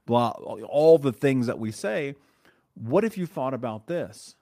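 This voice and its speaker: A man's voice: mid-range voice, lively intonation, normal speed, warm tone. A man hosting a solo podcast, talking bluntly and conversationally and often checking in with "right?". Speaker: podcast host.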